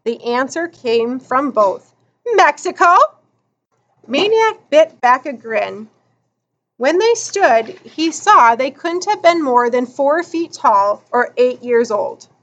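A woman reads a children's novel aloud with expressive, deliberate narration. Her voice sits high and moves a lot, and she takes her time. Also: muffled recording. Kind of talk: audiobook narration.

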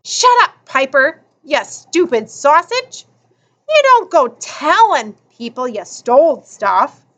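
A woman's voice: wildly swooping pitch, slow pace, full character voice. Woman doing a scrappy, bossy little boy. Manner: growling, scolding, shrill.

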